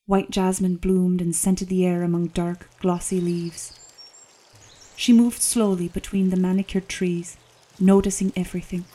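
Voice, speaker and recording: Mellow woman reading an audiobook. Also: lowish voice, flat delivery, unhurried. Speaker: audiobook narrator. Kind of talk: scripted narration.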